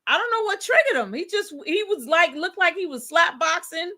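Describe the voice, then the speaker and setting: A woman co-hosting a casual live news recap show, retelling clips in animated slang. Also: extremely high pitch, normal speed. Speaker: co-host.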